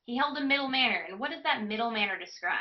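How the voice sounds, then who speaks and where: A woman running an online test-prep class, reading a passage aloud and pausing to ask her students what they noticed. Her voice sits a little high, and the recording sounds somewhat dull and lo-fi. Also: lively intonation. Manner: reads a passage aloud, stopping to pose questions to students. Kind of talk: live online class walkthrough.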